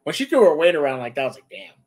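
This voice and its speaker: Man excitedly recapping a TV episode. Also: a little high, rapid-fire. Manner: retells scenes animatedly, acting out quotes. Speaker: podcast host. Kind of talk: casual show review chat.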